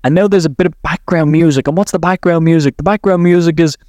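Male podcast coach, slightly high voice, loose rambling delivery, dry close-miked sound. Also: fast, darkish tone, dry recording. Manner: rambling, self-correcting, laughs at himself. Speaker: podcast host, NLP coach. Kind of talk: guided visualization talk.

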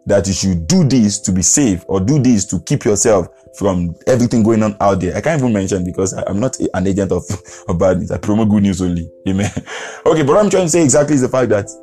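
Mellow-voiced man preaching over soft music. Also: on the low side. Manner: earnest, repetitive preaching with chuckles. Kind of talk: podcast sermon.

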